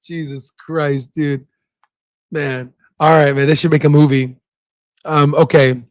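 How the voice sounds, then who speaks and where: A man hosting a casual stock investing livestream, joking and hyping, with sudden shouted bursts and constant "right?" asides. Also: fairly high pitch, level tone, takes it slowly, no echo.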